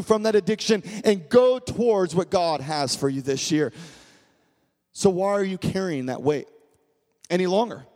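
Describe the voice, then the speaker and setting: The pastor's sermon is emphatic and high-pitched, with key phrases repeated and a delivery that swings from loud to hushed and back.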